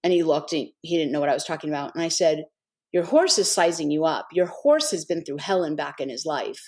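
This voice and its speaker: A woman's voice: deep voice, brisk, a little mellow. Earnest woman telling a heartfelt story. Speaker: guest, animal intuitive. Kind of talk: storytelling in a podcast interview.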